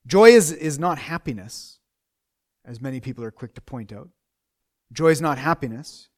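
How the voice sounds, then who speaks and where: A man's voice: mid-range voice, lively intonation, normal speed. A middle-aged man preaching a sermon in a conversational way, repeating phrases and asking rhetorical questions.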